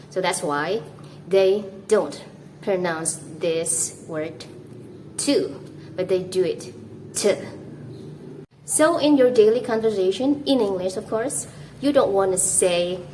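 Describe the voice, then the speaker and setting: Here is a young woman from Indonesia who teaches English to camera, with Indonesian as her first language. Her voice sits a little low, and she talks very slowly, saying each example word clearly. A faint hiss runs behind her. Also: a little mellow, low-quality recording. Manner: slow, careful, demonstrates pronunciations. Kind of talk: scripted English lesson to camera.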